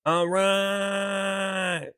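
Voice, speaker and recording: A man hosting a livestream, shouting repeated whoops between slow, sarcastic slogans praising himself to his viewers. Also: high voice, little pitch movement, a little hiss or hum. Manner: sarcastic, ironic self-praise. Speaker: livestream host. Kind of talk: mock-hype livestream chat with viewers.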